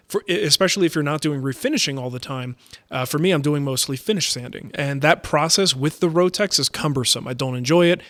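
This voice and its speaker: A man co-hosting a woodworking podcast in relaxed casual chat, laughing easily. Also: medium pitch, no room sound. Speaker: podcast co-host.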